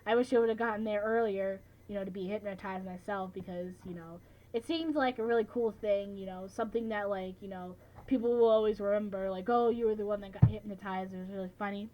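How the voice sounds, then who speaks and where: A woman's voice: medium pitch, brisk, mellow, low-quality recording. A teenage girl recapping events in a casual vlog, chatty and full of filler words like "like" and "you know". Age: late teens. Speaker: vlogger.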